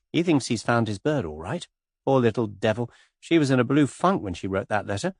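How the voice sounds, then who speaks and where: A man reading an audiobook, voicing a witty young English society woman in an airy, teasing, quietly amused manner. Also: medium pitch, breathy edge, dry recording, studio quality.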